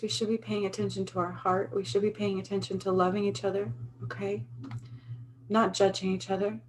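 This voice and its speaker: A woman's voice: mid-range voice, a little hiss or hum, rough recording. A woman in her thirties, talking straight to her phone camera in an earnest, emphatic way and repeating herself. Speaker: spiritual vlogger. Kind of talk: casual talk to camera.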